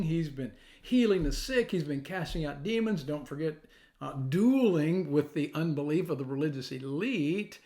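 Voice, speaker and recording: A middle-aged man preaching a sermon, telling a story with acted-out quotes and sudden drops to a soft, near-whispered voice. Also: a little high. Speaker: pastor.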